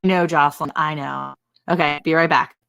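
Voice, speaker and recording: Casual livestream host: chatty woman, slightly low voice, quick laughs, greets her viewers by name. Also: fairly even intonation, gravelly, fairly bright tone, clean tone.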